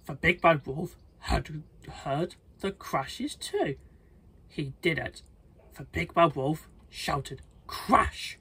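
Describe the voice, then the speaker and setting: Storybook narrator: husky, breathy reader, unhurried and plain, stumbles now and then. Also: medium pitch, a bit bright, poor audio. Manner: slow, plain reading with stumbles and restarts. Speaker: storybook reader, channel host. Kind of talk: reading a children's storybook aloud.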